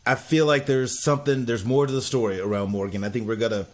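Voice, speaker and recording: An American man co-hosts a casual podcast recap in an ordinary middle-pitched voice. He talks in a blunt, opinionated way. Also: fairly even intonation, fast. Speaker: podcast co-host.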